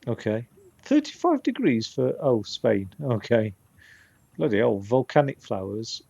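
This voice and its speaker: A man's voice: mid-range voice, big pitch swings, a little slow, gravelly, warm tone, breathy edge, no room sound, dull audio. A man rambling in casual gameplay commentary, often stopping and restarting his sentences. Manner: rambling, self-interrupting chatter. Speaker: streamer.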